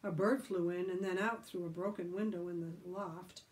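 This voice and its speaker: A woman who reads a chapter book aloud for a library, in slow, steady storytelling. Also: lowish voice. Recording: voice from a distant mic.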